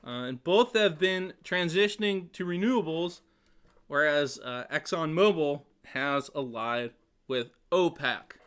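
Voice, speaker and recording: A man's voice: a little high, lively intonation, unhurried, a bit bright, smooth. A man hosting a casual web show, rambling with sarcastic jokes and frequent laughter. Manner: joking, sarcastic asides, laughs often. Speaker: host of a songwriting web show.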